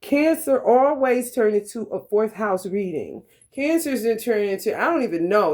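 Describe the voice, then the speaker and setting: Woman tarot reader, loose profane delivery, animated, laughs often, mid-pitched voice, talks straight to camera. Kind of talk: casual profane tarot reading monologue.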